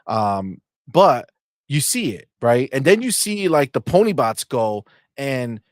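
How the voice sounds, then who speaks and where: A man hosting a casual gaming podcast, brash and profane, mocking people and sometimes breaking into loud shouts. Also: mid-range voice, sing-song, slow, no room sound, studio quality. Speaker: podcast host.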